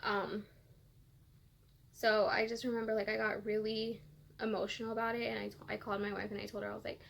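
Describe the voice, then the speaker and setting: A woman tells a personal story to camera, rambling and full of fillers as she fights back tears. Her voice has a gravelly, fry-tinged edge. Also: mid-range voice, little pitch movement, a little fast, fairly bright tone. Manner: rambling, filler-heavy, emotional. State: tearful, close to crying. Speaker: vlogger.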